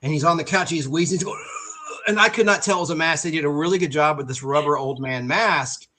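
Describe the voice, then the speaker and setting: A man with a fairly high, very bright and forceful voice chats on a video call. He tells rambling, frank stories, backing up and restarting as he goes. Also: fast. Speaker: panel guest. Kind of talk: casual chat.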